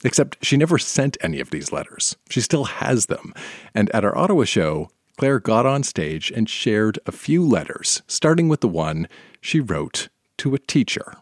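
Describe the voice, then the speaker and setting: A man's voice: on the low side, big pitch swings, moderate pace, dry recording, clean studio sound. A man hosting the show, telling the story that sets up the guest's reading. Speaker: host. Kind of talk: scripted narration.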